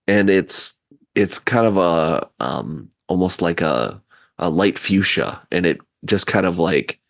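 A man running a tabletop game as game master, narrating loosely with halting pauses. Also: low-pitched, no echo, clean studio sound.

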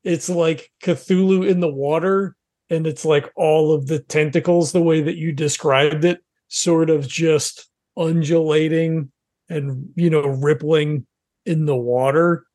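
Rambling higher-voiced man playing a tabletop game. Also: fairly even intonation, a little slow, darkish tone, no room sound, clean studio sound. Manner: rambling, full of "like" and "you know". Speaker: player. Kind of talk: casual tabletop role-play talk.

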